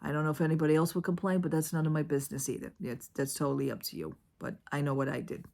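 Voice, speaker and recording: A woman's voice: low-pitched, rapid-fire, gravelly, a little mellow. A woman telling a story in a casual home vlog, indignant and retelling it with lots of "I says". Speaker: vlogger. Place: at home, living room.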